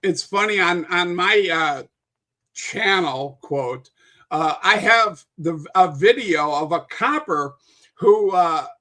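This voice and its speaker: A man with a high, bright voice chats casually as a podcast guest. He rambles through long stories, restarting sentences and swearing now and then. He sounds like an unscripted conversation. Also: animated, takes it slowly. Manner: rambling, with frequent restarts and profanity.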